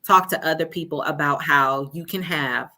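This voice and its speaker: A woman's voice: sits low, moderate pace, sharp tone. A woman life coach, a guest on a talk show, telling her story earnestly from her home office and often checking in with "right?". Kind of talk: conversational interview.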